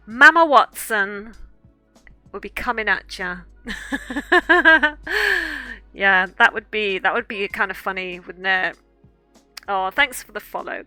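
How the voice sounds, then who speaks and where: A woman's voice: medium pitch, sharp tone. A middle-aged woman author in casual livestream chat, chatty and effusive, thanking her viewers often. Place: small home room corner.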